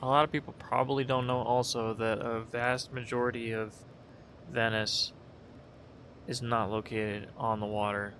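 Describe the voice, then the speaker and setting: A young man who creates gaming videos casually narrates his flight in a game, rambling, self-correcting, and sounding barely awake. His medium-pitched, fairly bright voice has a flat delivery and moderate pace, with a little hiss or hum in the audio.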